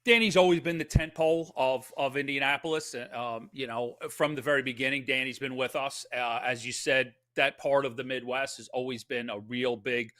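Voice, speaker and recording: A man's voice: mid-range voice, steady tone, moderate pace, hardly any pauses, bright, forceful tone. A man hosting a casual podcast, upbeat and chatty with plenty of fillers. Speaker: podcast host.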